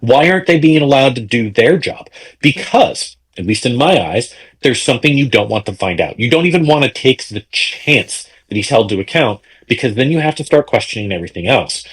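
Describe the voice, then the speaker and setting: A man's voice: mid-range voice, expressive, a little fast, slightly rough. A man co-hosting a political podcast, talking in an indignant, questioning way. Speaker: podcast co-host. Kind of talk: casual political chat.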